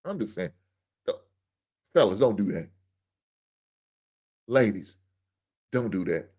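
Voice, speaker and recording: Low-voiced man ranting as host. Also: animated, slow, darkish tone, husky. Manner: ranting, blunt, joking. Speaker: podcast host. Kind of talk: casual monologue.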